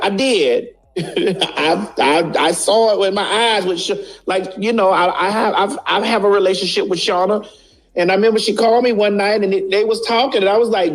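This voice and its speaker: A woman giving a blunt, casual commentary, preaching her point and repeating lines for emphasis, swearing freely. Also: mid-range voice.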